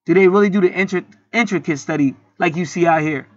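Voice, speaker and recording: A man's voice: high-pitched, fast, no room sound, dull audio. A man telling a story in a casual, heated monologue, swearing often and rambling with many restarts. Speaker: channel host.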